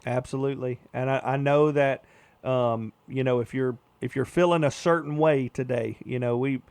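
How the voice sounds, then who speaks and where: A man's voice: medium pitch, steady tone, normal speed, gravelly, a little mellow, clean tone, dry recording. A male radio host talking casually, folksy and rambling, with many fillers.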